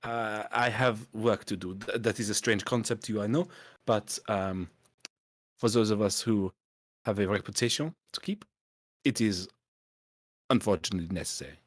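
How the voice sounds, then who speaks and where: A man's voice: fairly low pitch, no echo, lightly acted. A man doing a haughty fake-French fixer. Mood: condescending. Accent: put-on French accent. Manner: haughty, slow and hesitant. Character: snobbish male city fixer, dismissive and scornful. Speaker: game master.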